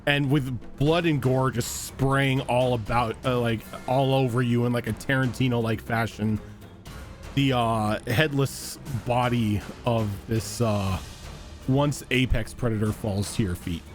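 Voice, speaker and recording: A man narrating a tabletop game as game master, halting often on fillers. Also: mid-range voice, steady tone, soft background music.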